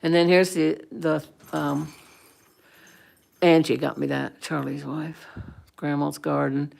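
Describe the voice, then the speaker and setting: An older woman in her sixties hosts a casual livestream and chats to her viewers. Her low voice has a heavy gravelly fry, and she rambles along with plenty of fillers and restarts. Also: little pitch movement, takes it slowly, a little mellow. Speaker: livestream host.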